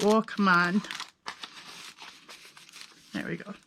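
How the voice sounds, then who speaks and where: A woman talks through her handmade journals page by page in a casual, chatty way, amused at herself and thinking aloud. Her voice sits at an ordinary middle pitch. A faint hiss runs under the recording. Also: steady tone, slow, gravelly, bright, forceful tone. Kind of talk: casual craft flip-through narration.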